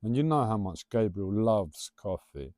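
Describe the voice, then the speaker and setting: A man rambling through a casual spiritual musing, his pitch rising and falling a lot as he teases. His voice is mellow and soft-edged, and the recording is dry and close. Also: sing-song, a little slow, no room sound. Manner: playful, rambling, teasing. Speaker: livestreamer.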